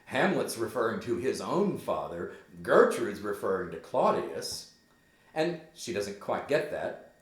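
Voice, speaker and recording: A man's voice: on the low side, big pitch swings, a little slow. A man teaching a play, reading it aloud and explaining it in casual asides. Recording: echoey room.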